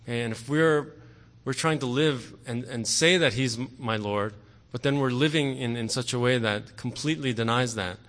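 A man preaching a sermon earnestly, often pausing on "okay" and growing forceful on key words. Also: mid-range voice. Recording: long hall reverb.

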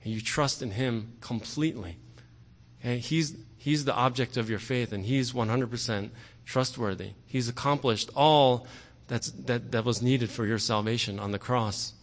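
Earnest preacher in a reverberant hall. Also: male voice, medium pitch, normal speed. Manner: earnest, repeats "okay" often, rises in force on key words. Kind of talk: sermon.

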